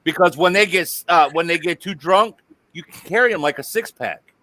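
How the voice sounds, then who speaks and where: A man's voice: sits high, a little fast, pushed and bright, no room sound. A man hosting a casual live-stream chat, joking crudely and swearing freely. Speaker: host.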